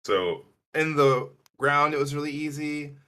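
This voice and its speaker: A man from Illinois co-hosting a podcast, telling rambling stories and acting out other people's lines in a higher voice. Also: unhurried. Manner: animated, rambling, acts out quotes in a higher voice. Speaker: podcast co-host. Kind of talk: casual storytelling chat.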